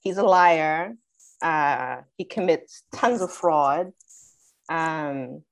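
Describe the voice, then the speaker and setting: Slow-talking woman podcast co-host. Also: sits low, vocal fry. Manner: measured, often breaking into laughter. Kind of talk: casual panel chat.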